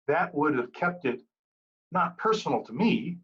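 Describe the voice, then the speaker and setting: A man giving a prepared, humorous club speech with an animated storytelling delivery. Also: a little high, moderate pace, lo-fi sound. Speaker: Toastmasters speaker.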